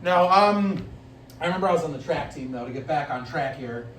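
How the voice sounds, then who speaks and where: A man with a high, lively voice rambles through a stand-up set, loose and self-mocking, laughing at his own lines. He sounds distant from the microphone in an echoey room. A faint noise sits under him. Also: brisk. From Italian-American family. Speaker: stand-up comedian. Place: live comedy venue, heard from the stage.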